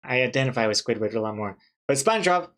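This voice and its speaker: A man streaming live as he works on a comic, talking casually with viewers and second-guessing his choices out loud. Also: mid-range voice, expressive, fast talker. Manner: thinks aloud, second-guesses himself, chatty with viewers. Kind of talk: casual live-stream commentary while drawing.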